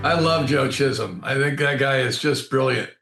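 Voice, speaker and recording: A man's voice: mid-range voice, moderate pace, creaky, a bit bright, roomy sound, soft background music. A man who is a guest on a podcast, chatting casually and telling anecdotes.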